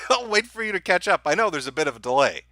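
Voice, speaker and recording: A man's voice: high-pitched, very animated, fast talker, sharp tone, dry recording, clean studio sound. A man hosting a livestream, ranting sarcastically and profanely and laughing at his own jokes as he reads viewer super chats. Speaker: livestream host.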